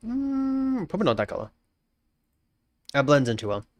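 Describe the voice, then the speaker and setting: A man's voice: a little high, huge pitch swings, normal speed, dry recording. An Australian man live-streaming, casually greeting chatters and thinking aloud while he works, often repeating his phrases.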